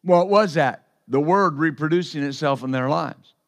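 A man with a notably high voice preaches a sermon as pastor. He drives points home with repetition and asks his listeners to respond. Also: normal speed. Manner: repetitive, emphatic preaching with call-and-response asides.

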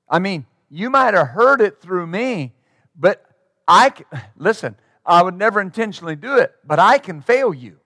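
A man's voice: high voice, very animated, moderate pace, pushed and bright, no room sound, clean studio sound. A man preaching a sermon as pastor, emphatic and acting out the replies of the people he quotes.

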